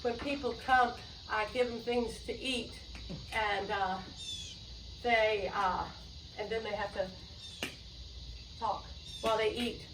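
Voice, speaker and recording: A chatty woman hosts her show at home, rambling about her yard and guests between songs. Her voice is high and sounds roomy, picked up from a distance, with ukulele music loud behind her. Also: fairly even intonation, slow, long pauses, noisy background. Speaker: show host and singer. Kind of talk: casual chat and singing with ukulele. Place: home room with doors open to a yard.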